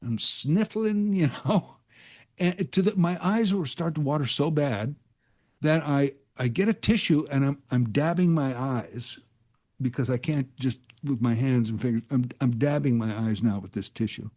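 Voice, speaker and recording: A man hosts talk radio, his voice dark and mellow as he drifts through a casual, rambling monologue. He talks like a self-aware storyteller, admitting he's wandering off track. He sits close to a studio microphone. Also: mid-range voice, normal speed. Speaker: guest radio host.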